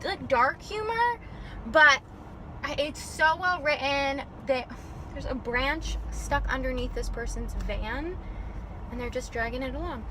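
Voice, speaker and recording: A woman's voice: high voice, lively intonation, measured pace. A young woman vlogging in a casual, rambling chat, out of breath and filling her talk with "like". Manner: chatty and rambling, many "like" fillers. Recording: loud background noise.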